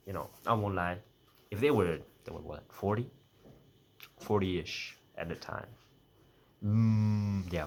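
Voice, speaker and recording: A man's voice: low voice, slight background noise. A young man in a casual personal monologue, rambling and correcting himself as he half-jokes through his thoughts. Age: young adult. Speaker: vlogger.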